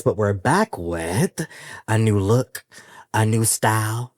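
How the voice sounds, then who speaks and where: Playful low-voiced male podcast host. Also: takes it slowly, no room sound, studio quality. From San Francisco Bay Area. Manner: animated, playful, laughs often, chatty slang. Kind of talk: casual solo podcast chat.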